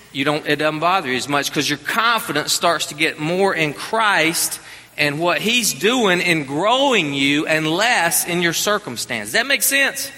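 Animated preaching man in reverberant church. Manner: animated preaching, rising in pitch on emphasis. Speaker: pastor. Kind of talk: sermon. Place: church sanctuary.

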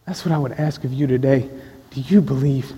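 A man preaching a sermon, telling a personal story in an earnest way with pauses. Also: mid-range voice, steady tone, warm tone. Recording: long echo of a large hall.

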